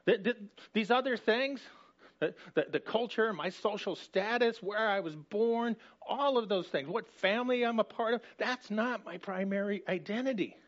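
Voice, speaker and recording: A higher-pitched man preaches a sermon in a conversational yet emphatic way, often restarting his phrases. The recording is dull and lo-fi, with the top end muffled. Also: moderate pace. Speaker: pastor.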